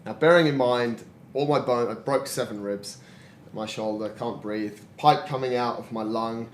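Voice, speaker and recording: In a casual interview, this man in his forties tells stories thoughtfully and laughs frequently as a podcast guest. He speaks at medium pitch and moderate pace, with a little hiss or hum, and the room echoes noticeably.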